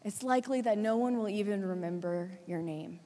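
Woman preacher telling the story, goes soft then urgent, lots of hall echo. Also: mid-range voice, brisk. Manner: dramatic storytelling, swings from hushed to urgent. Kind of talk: sermon. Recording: long hall reverb.

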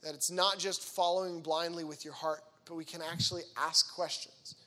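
High, bright-voiced animated youth speaker man. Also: normal speed. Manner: animated, acts out voices in quoted dialogue; chatty and conversational, with frequent fillers. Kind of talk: energetic faith talk to teenagers.

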